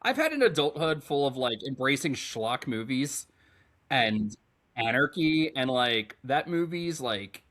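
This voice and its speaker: Animated rambling male podcast co-host. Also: medium pitch, measured pace. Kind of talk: casual chat.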